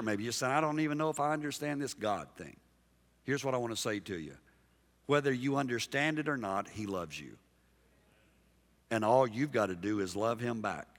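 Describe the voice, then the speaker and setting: A man preaching a sermon as pastor, emphatic and dynamic, dropping soft and then rising loud while he calls out to the congregation. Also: medium pitch. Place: large church sanctuary. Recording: long hall reverb from a big church.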